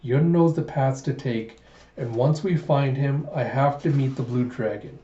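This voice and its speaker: A man's voice: medium pitch, a little slow, warm tone, echoey room, dull audio, lightly acted. A man reading a determined young princess from a manga, earnest and resolute, in his own register.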